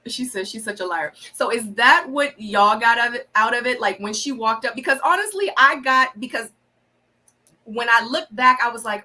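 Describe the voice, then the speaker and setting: A bright, slightly high-voiced woman hosts a casual live review of a reality show. She tells it animatedly and jumps way up in pitch when she acts out quotes. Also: animated, normal speed.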